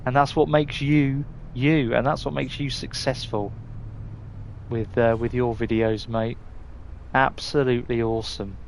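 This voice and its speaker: A man talks slowly and casually as he streams a driving game, rambling and restarting his sentences with the odd mild curse. A faint hum sits under his voice. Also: medium pitch, fairly even intonation. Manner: chatty, rambling, stumbling restarts, mild swearing. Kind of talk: casual live gameplay chat.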